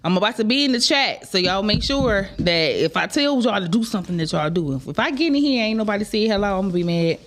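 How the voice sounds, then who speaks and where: A woman's voice: medium pitch, animated, a little hiss or hum. Chatty woman podcast host. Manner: chatty, drawn-out, conversational. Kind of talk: casual live-show chat.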